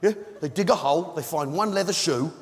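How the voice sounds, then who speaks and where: A man's voice: on the high side, a little fast. A man doing stand-up, rambling in mock worry at one member of the audience. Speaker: stand-up comedian. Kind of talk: stand-up routine. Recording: roomy hall with faint noise.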